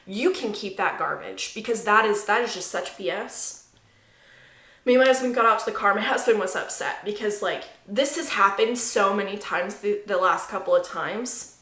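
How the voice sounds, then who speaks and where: A woman's voice: mid-range voice, moderate pace, fairly bright tone, echoey room. A woman vlogging an indignant, emphatic personal rant to camera, often repeating herself.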